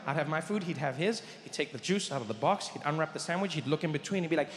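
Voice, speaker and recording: A man with a South African accent telling an animated stand-up story on a theatre stage, acting out voices with big swings in volume. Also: on the high side, fast talker. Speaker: stand-up comedian. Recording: echoey hall, live stand-up.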